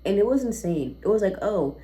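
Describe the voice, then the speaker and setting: A woman's voice: fairly low pitch, animated, unhurried, warm tone. A young woman ranting casually in an unscripted vlog, blunt and profane, drifting off topic. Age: young adult. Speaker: vlogger.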